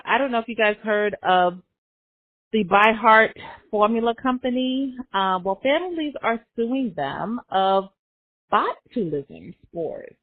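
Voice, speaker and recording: A woman's voice: on the high side, no echo. A woman podcast host giving a comedic news roundup, sarcastic and laughing between jokes. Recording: tinny phone-like sound.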